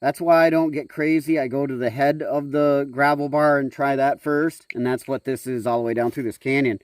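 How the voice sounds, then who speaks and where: With a steady, mid-range voice at normal speed and no room sound, this middle-aged man narrates his gold prospecting vlog outdoors. His talk is casual and loose, peppered with fillers and restarts.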